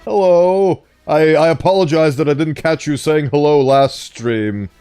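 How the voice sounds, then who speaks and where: A man's voice: a little high, moderate pace, darkish tone, smooth, faint music behind. A man reading stories and chatting on a live stream, playful and self-correcting.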